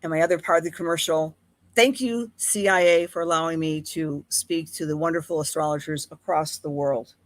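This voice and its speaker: A woman's voice: low-pitched, fairly even intonation, fairly quick, no room sound. A woman with a Buffalo accent, hosting a live-streamed astrology talk in a chatty, affectionate way and greeting viewers by name. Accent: Buffalo, Western New York. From Buffalo, New York. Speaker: astrologer host.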